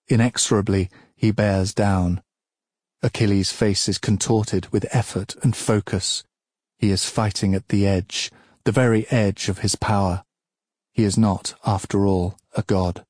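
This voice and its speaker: A male audiobook narrator reads in a measured, solemn manner. His voice is low and husky, his pace very slow. The sound is dry and close, with no room around it. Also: a little mellow, no echo.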